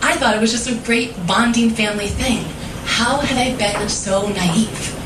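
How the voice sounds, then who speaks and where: A woman's voice: on the high side, moderate pace. A young woman telling an earnest, emotional personal story on a stage, heard from a distance. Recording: roomy live recording from far off, audible noise.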